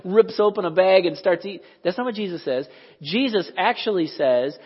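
Pastor, male, high-pitched and a little husky, conversational sermon with questions to the room, dull lo-fi hall recording. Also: moderate pace. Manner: conversational, animated, asks the audience questions. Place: church hall.

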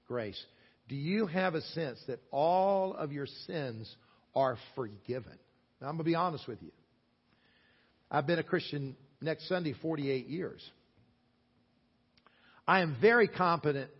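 A man in his sixties from the American South with a Southern accent, preaching a sermon earnestly, with loud stresses and quiet asides. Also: on the high side, husky. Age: 60s. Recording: long hall echo, dull lo-fi sound.

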